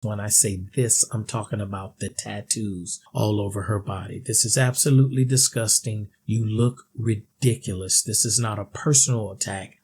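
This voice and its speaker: A man's voice: lowish voice, a little mellow, a little hiss or hum. Blunt, sarcastic male commentator. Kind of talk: ranting video commentary.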